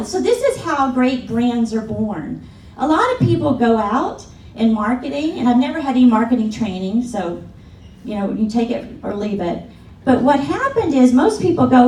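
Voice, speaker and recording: A middle-aged woman giving a keynote talk at a conference, telling stories in an animated way and acting out the voices of the people she quotes, often laughing as she speaks. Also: fairly high pitch, far from the mic. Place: large conference hall. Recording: echoey hall from afar, faint room noise.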